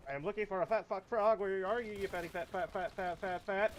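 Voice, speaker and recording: Brief: higher-voiced guy gamer, profane trash talk, whiny bursts, faint gunfire under him. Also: brisk, slight background noise. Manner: excitable outbursts and repeated phrases. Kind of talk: casual let's-play commentary.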